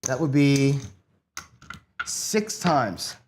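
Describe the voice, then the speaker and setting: A man's voice: mid-range voice, very animated, extremely slow, a little hiss or hum. Frustrated man griping through casino commentary. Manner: rambling, profane, talks to himself while playing. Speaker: gambling channel host. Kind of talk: casual play-by-play commentary.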